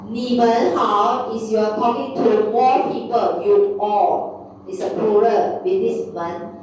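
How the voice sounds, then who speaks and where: A woman teaches a beginner Mandarin class, slowly and patiently, repeating each word and stopping to check with "okay?". Her voice is mellow and unhurried. It sounds echoey and distant, with faint noise behind. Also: fairly high pitch, steady tone. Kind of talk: classroom lesson. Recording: echoey room, mic far off, faint background noise.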